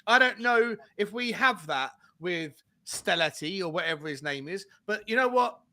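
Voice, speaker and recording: High-voiced man ranting, furious and swearing. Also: lively intonation, normal speed, sharp tone. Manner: angry, swearing, emphatic repetition. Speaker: co-host of a fan watchalong. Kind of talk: heated fan rant.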